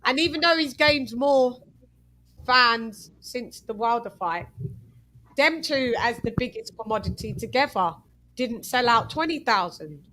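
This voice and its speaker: A woman's voice: fairly high pitch, expressive, sharp tone, poor audio. A woman hosting a casual boxing panel, arguing firmly and talking over her guests. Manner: talks over others, argues firmly, quick questions. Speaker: host of a boxing panel show.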